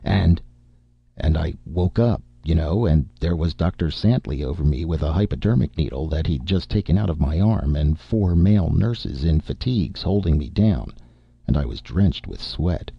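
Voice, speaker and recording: Intense male narrator for a first-person story, very deep gravelly voice, muffled lo-fi recording. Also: expressive, normal speed, no room sound.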